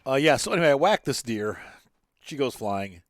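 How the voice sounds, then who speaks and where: A man's voice: medium pitch, very animated, moderate pace, dry recording, clean studio sound. A man hosting a farming game playthrough, chatting casually and rambling through a personal story with many fillers and restarts. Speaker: gaming channel host. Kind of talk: casual let's-play commentary with storytelling.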